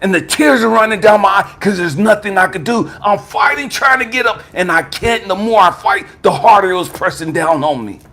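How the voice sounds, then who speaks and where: A man, a spiritual coach, telling an impassioned testimony, swinging from hushed tones to shouting. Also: sits high, lively intonation, a little fast, few pauses.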